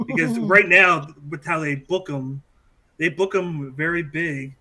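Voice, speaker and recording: Man, a bit high, bright, rambling, casual chat. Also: measured pace. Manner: rambling, thinks aloud with fillers. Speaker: podcast co-host.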